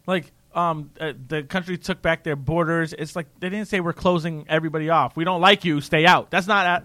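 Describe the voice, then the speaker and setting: A man in casual political chat, animated and ranting, often mocking other people's voices. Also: a little high, brisk, dry recording.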